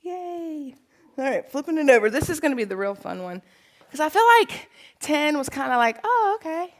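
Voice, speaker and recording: A woman's voice: high-pitched, animated, normal speed, poor audio. Upbeat, encouraging woman fitness instructor. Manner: upbeat, encouraging, laughs often. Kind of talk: live workout instruction.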